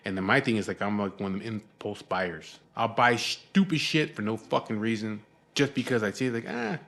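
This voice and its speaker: Profane, rambling man with a lowish voice. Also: a little fast, fairly bright tone. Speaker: vlogger telling a story. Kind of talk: casual storytelling rant.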